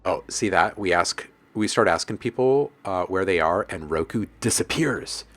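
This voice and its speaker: This music producer and livestream host has a deep, animated voice with a fairly bright tone, moving at a moderate pace. He keeps his music-making stream casual, cracking jokes with chat, reading messages out loud, and laughing a lot.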